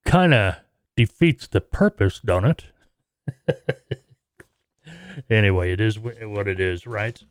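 A man's voice: lowish voice, sing-song, takes it slowly, long pauses, dry recording, clean studio sound. Chatty middle-aged man hosting a podcast. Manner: chatty, jokey, rambling with laughs. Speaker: podcast host. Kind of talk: casual podcast monologue.

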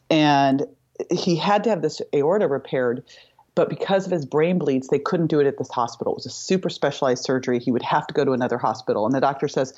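A woman's voice: very deep voice, darkish tone, highs cut off. A middle-aged woman guest on an interview show, telling a personal story vividly and acting out the dialogue. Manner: vivid storyteller who acts out quoted dialogue. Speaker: podcast guest.

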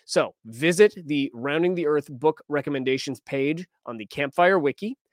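Dry-sounding podcast host, wry and chatty. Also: male voice, on the high side, moderate pace, no room sound. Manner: conversational, wry, reads quotes aloud. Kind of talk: casual news commentary.

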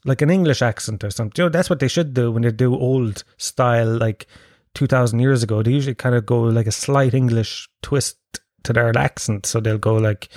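A man's voice: mid-range voice, moderate pace, a little mellow, no echo, clean studio sound. A man chatting casually as a podcast host, rambling, swearing and poking fun at himself. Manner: sweary, rambling, self-mocking. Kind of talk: casual chat.

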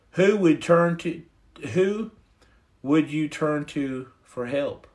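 A middle-aged man with a fairly high voice takes his time as he hosts a livestream on his phone. He gives his testimony in an earnest, preachy yet casual way.

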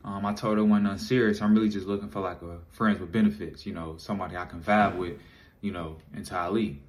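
A man's voice: low voice, steady tone, quick pace. A young man in a video submission, telling a casual story in a loose, rambling way with many fillers. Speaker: listener sending a video submission.

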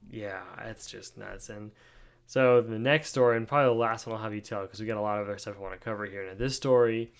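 A young man with a lowish voice hosts a podcast in a casual chat. He rambles, circles back on his words, and eggs his guest on. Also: steady tone, fast, clean tone. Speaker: podcast host.

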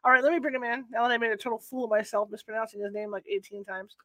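A man's voice: high voice, fairly even intonation, racing, pushed and bright, no echo. A man hosting a live paranormal talk show, chatting casually with many fillers and restarts, laughing at himself. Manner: rambling, self-deprecating, lots of fillers and restarts. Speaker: podcast host. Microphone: home computer setup.

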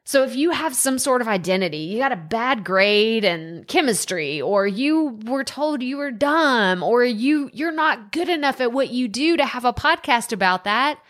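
A woman's voice: on the high side, expressive, moderate pace, hardly any pauses, fairly bright tone. A young adult woman with a Texan accent hosting a solo podcast, chatty and self-deprecating, often laughing at herself. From Texas. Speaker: podcast host.

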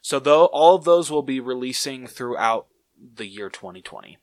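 A young man banters on a podcast, teasing his partner and laughing easily. His pitch swings widely. The sound is dry and close. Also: moderate pace, no room sound. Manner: teasing, animated, giggly. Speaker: podcast co-host. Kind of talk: casual chat.

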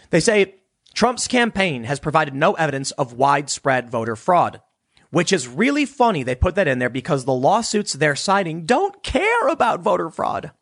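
A man hosting solo political commentary, reading news and then reacting in an animated, sarcastic way, mocking his opponents' voices. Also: a little high, husky, no echo, clean studio sound.

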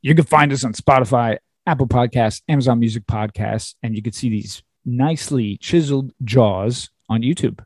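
A man's voice: mid-range voice, moderate pace, few pauses, husky, no echo. A man hosting a podcast, upbeat and chatty, laughing often. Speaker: podcast host. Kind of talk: casual podcast chat.

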